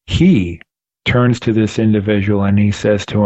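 A man's voice: on the low side, steady tone, a little slow, a little mellow, lo-fi sound. A man hosting a faith podcast, talking earnestly with a preacherly rhythm and repeated phrases for emphasis. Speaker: podcast host.

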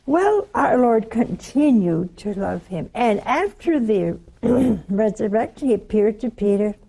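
Southern woman preacher, older, slow and mellow, animated storyteller who hushes for quotes. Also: on the high side. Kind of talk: sermon.

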